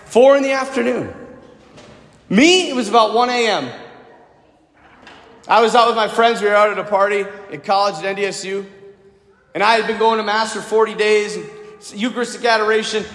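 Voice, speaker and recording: A male priest with a high voice delivers a sermon, speaking personally to his congregation. The sound rings through a large, reverberant hall. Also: a little fast, pauses often, a bit bright. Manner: personal storytelling, asks the congregation questions directly. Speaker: Catholic priest. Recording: echoey hall with long reverb.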